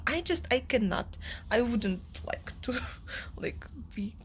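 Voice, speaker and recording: Whispering slowly and expressively, a young woman with a fairly high voice vlogs about a novel she's in the middle of. This book vlogger's casual monologue turns into an emotional rant packed with fillers.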